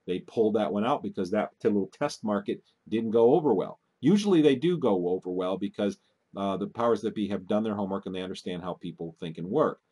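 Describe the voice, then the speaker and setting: A man's voice: fairly low pitch, expressive, fast, warm tone, husky. A man hosting his own video commentary, talking urgently and warning his viewers, often breaking off and restarting words. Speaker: video host. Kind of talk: casual commentary.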